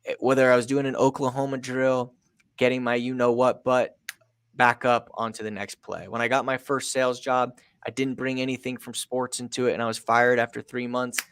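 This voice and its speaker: Energetic man telling a story, dry sound. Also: mid-range voice, normal speed, clean tone, no echo. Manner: energetic, emphatic, acts out a coach's pep talk. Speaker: podcast guest, sales coach. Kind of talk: storytelling in an interview.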